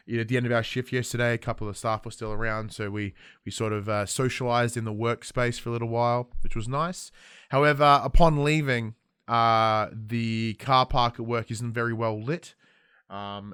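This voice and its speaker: A man's voice: mid-range voice, clean tone, no echo, studio quality. An Australian man in his thirties hosting a podcast, chatting casually and acting out quotes as he tells stories. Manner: animated storytelling with acted-out quotes. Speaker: podcast host. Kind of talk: casual chat.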